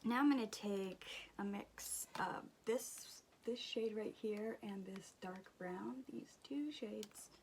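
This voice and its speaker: A woman in her thirties chatting casually as she does her makeup, exasperated and often dropping to a soft near-whisper. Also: mid-range voice, slow pace, few pauses, slight background noise. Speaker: beauty vlogger, mother. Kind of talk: casual storytelling during a makeup tutorial.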